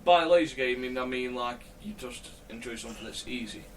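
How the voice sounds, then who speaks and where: A man's voice: mid-range voice, fairly quick. A man co-hosting a casual podcast who needles his co-hosts sarcastically. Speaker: podcast co-host. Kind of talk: casual banter. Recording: distant mic with faint background noise.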